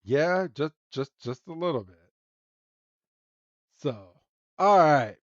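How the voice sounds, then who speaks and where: A man's voice: a little high, expressive, slow, no room sound, muffled recording. A man co-hosting a podcast, chatting casually and animatedly, recapping a cartoon with frequent laughs and apologetic asides. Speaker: podcast co-host.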